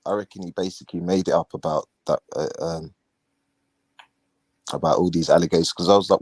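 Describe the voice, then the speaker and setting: A man's voice: sits low, expressive, a little fast, a little mellow. A man, chatting casually as host of a live stream. He is slangy and laid-back, mocks the people he talks about, and acts out their lines. The sound is dry and close, with no room echo. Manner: laid-back, mocking, slangy, often acts out what others say. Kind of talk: casual chat.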